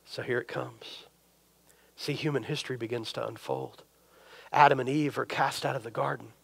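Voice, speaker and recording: A man preaching a sermon, telling the story in a lively way and acting out imagined dialogue. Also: mid-range voice, normal speed, creaky, breathy edge. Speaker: pastor.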